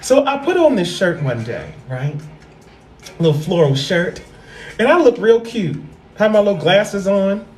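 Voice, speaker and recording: A woman hosting a livestream, telling a story in a casual, animated way. She repeats phrases for effect and swears freely. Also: fairly low pitch. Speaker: livestream host. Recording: roomy echo.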